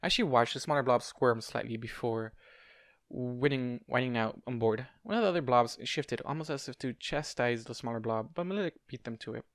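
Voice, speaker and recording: A man's voice: mid-range voice, moderate pace, dry recording. A man narrating fanfiction aloud in an amateur audiobook read, stumbling and correcting himself now and then and dropping casual asides. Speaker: fanfiction reader.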